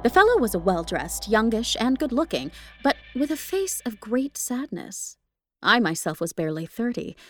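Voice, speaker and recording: A woman podcast host reading a ghost story aloud, expressive, with casual asides to listeners. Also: a little high, moderate pace, slight background noise. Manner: expressive, laughs at the text between passages.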